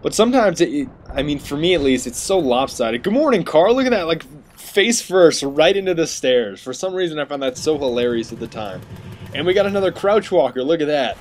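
A man's voice: on the high side, animated, a little fast, slight background noise. A young man giving casual, sarcastic commentary over his own gameplay, now and then mocking other players in silly voices. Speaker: gaming commentator.

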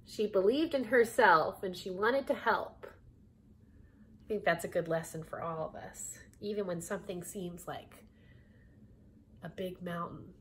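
A woman's voice: on the high side, slight background noise. A woman reading a children's storybook aloud, adding laughing asides to her listeners. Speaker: storybook reader.

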